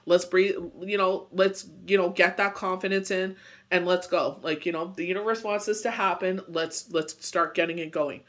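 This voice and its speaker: A man's voice: high voice, steady tone, moderate pace, fairly bright tone. A man giving a casual daily tarot reading, rambling with lots of "you know" and "it's just like", still getting over a bad cold. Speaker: tarot reader.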